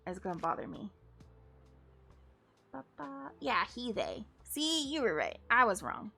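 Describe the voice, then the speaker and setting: A woman's voice: a little high, big pitch swings, a little slow, gravelly, pushed and bright, slightly rough. A woman streaming a game, chatting casually to her viewers in a giggly way and stopping often to correct herself. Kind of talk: casual live-stream chat while playing a game. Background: faint game music.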